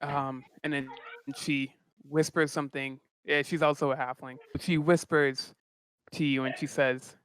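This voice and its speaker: Game master, male, slightly high and crisp, narrates with many pauses and fillers. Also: flat delivery, a bit bright, dry recording.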